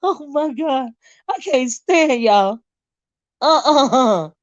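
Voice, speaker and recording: Woman streamer with a high voice, chatty and giggly, roasting her chat, muffled dry sound. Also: animated, drawn-out words, dry recording. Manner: laughs often, teases her chat, sidetracked and rambling. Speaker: livestream host. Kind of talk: casual live-stream chat reading viewer comments.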